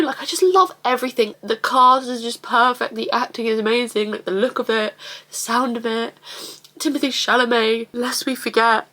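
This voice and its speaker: A woman's voice: a little high, normal speed, sharp tone. A woman vlogging in a casual confessional way, rambling emotionally with lots of fillers.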